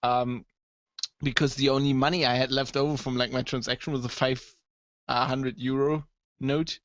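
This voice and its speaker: A man co-hosting a casual tech podcast, an animated storyteller who swears and acts out the people he quotes. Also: medium pitch, moderate pace, no room sound. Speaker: podcast co-host. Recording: dull, dry lo-fi sound.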